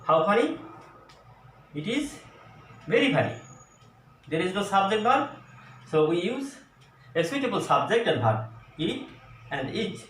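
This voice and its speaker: A man teaching an English grammar lesson at a board, explaining slowly and going over each example again. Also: high voice, big pitch swings, a bit bright. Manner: slow, deliberate explaining with repeated examples. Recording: echoey room, voice from a distance, faint noise.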